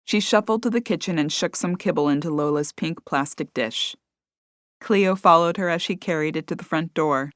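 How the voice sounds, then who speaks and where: A woman narrating a cozy mystery audiobook in a measured storytelling manner. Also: sits low, no echo, studio quality. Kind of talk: scripted narration.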